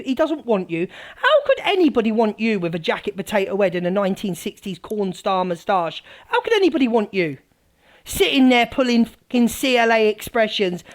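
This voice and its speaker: Scathing woman ranting on stream. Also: on the high side. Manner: scathing, mocking, swings from loud to muttering. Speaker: live stream host. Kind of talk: heated live-stream rant.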